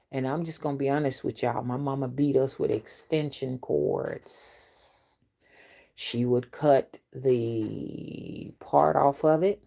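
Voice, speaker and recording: Woman, very low voice, stern, confrontational, whispered warnings, vlog monologue. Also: creaky, dark tone. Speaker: spiritual reader and root worker.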